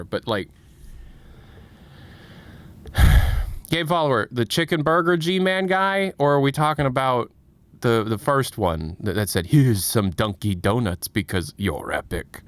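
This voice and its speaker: A man's voice: mid-range voice, a bit bright, clean tone. Casual male streamer, rambling and self-deprecating, swears freely. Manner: rambling, self-mocking and profane. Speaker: livestream host.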